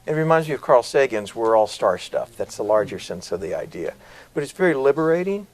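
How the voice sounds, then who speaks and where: A middle-aged man from South Carolina, an actor telling stories as a guest in an interview, with lively, varied delivery. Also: medium pitch, fairly quick, poor audio. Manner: animated storyteller, varied delivery. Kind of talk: interview conversation.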